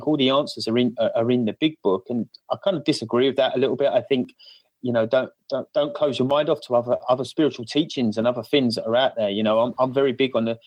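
A man's voice: medium pitch, no echo, poor audio. A man with an Essex accent talking earnestly as a podcast guest on a remote call, with many fillers and restarts. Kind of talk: casual podcast chat.

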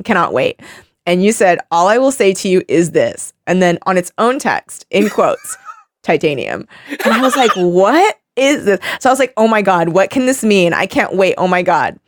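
A woman hosting a podcast in a casual chat, animated and laughing often as she acts out quotes. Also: lowish voice, no echo, clean studio sound. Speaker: podcast host.

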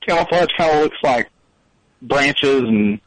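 A man's voice: medium pitch, lively intonation, unhurried, a bit bright, dry recording, poor audio. A man calling into a comedic radio show, laid-back and a bit hesitant, playing along with the host. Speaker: caller. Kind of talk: comedic call-in radio banter.

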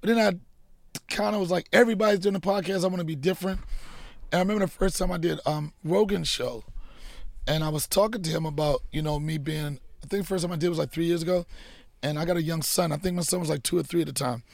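Gravelly-voiced man telling stories. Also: fairly high pitch, fast, no room sound. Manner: animated, profane, acts out quotes. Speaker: podcast guest, comedian. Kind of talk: casual storytelling chat.

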